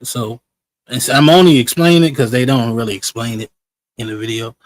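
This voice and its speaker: A man hosts a casual live-stream review show, reacting to clips and shouting out viewers. His talk is loose, slangy and chatty, with a mid-range voice. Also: mid-range voice, brisk, poor audio. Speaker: livestream show host.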